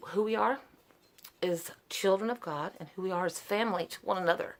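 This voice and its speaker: A woman's voice: mid-range voice, normal speed. A middle-aged woman, telling her personal story to camera in an earnest, emotional way, with sighs, laughs and restarts. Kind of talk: unscripted personal testimony to camera.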